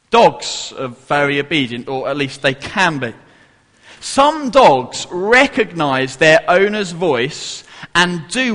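Man, children's church talk, high voice, unhurried, playful and coaxing, long hall reverb. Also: fairly bright tone. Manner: playful, coaxing the audience to join in. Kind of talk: interactive children's Bible talk.

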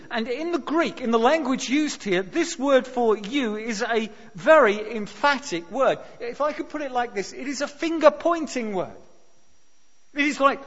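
A man with a high voice delivers a sermon, stressing key words with sudden force and almost shouting them. The recording sounds muffled and lo-fi. A long reverb trails behind him, as in a large church hall. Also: animated, unhurried. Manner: emphatic, rises to near shouts on key words. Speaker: preacher.

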